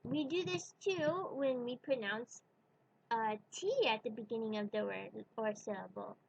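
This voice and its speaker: A woman's voice: on the high side, measured pace, gravelly, lo-fi sound, slight background noise. A woman teaching pronunciation in a video lesson, patiently demonstrating sounds one by one. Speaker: Spanish teacher.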